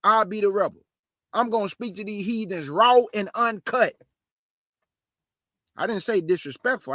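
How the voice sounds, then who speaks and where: High-voiced, fiery street preacher man. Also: no room sound, clean studio sound. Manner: blunt, streetwise and combative; rising to forceful emphasis. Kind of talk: fiery sermon with scripture reading.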